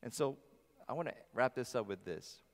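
A male pastor preaching in a church, his voice sitting at an ordinary middle pitch. He talks emphatically, rising loud and dropping soft, and each phrase trails off into the long reverb of a large hall. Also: expressive, normal speed. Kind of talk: sermon.

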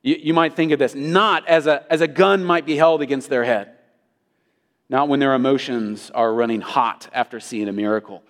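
A man's voice: mid-range voice, normal speed. A male pastor preaching an emphatic sermon, with his intensity rising and falling. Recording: long hall reverb.

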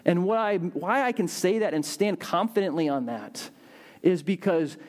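A young adult male pastor giving a casual, animated sermon, acting out voices with big jumps in pitch. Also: moderate pace, faint music behind.

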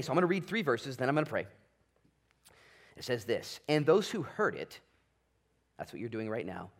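A man preaching a sermon from a church stage with animated, exclamatory delivery that swings between loud bursts and quieter asides. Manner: hushed, low prayer voice. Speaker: pastor.

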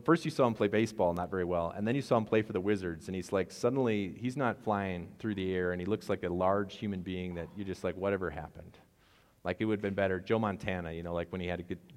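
A man with a lowish voice gives a relaxed, conversational sermon, telling the story with jokes and asides. His voice carries a long reverb, as if he is speaking in a large hall. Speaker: pastor.

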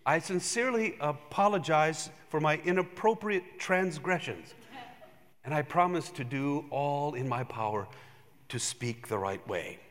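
A preacher voicing a once foul-mouthed pet parrot that now apologizes in overly formal words, heard with long church reverb. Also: male voice, on the high side, unhurried, fairly bright tone. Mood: contrite formal.

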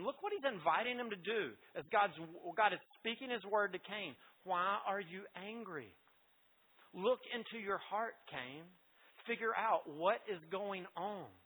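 Husky high-voiced male preacher. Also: pushed and bright, low-quality recording. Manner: conversational preaching with rhetorical questions. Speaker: pastor. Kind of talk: sermon.

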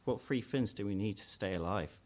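A low-voiced man preaches an earnest sermon, speaking fairly quickly, steadily and with conviction. Whenever he quotes the challenges of mockers, his voice rises in pitch and force.

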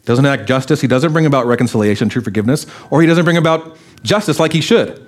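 A man, a pastor, preaching a sermon, animatedly acting out the voices of the people he quotes. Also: fast talker. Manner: animated, acts out quoted voices with raised pitch.

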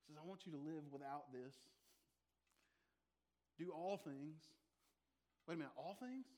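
Man, pastor, conversational sermon, joking asides, a bit high-pitched. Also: a little slow, warm tone. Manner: conversational preaching with asides and humor.

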